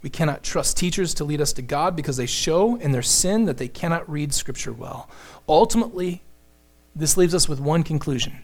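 A man's voice: fairly high pitch, moderate pace. Impassioned man preaching a sermon. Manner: impassioned, emphatic, swings between loud and hushed.

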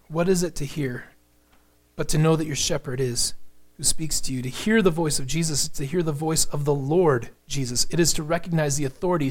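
Guy preaching a sermon, kinda high voice, earnest, builds up then goes quiet and whispery. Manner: earnest preaching, rises in pitch and force for emphasis, drops to a near whisper. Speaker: pastor.

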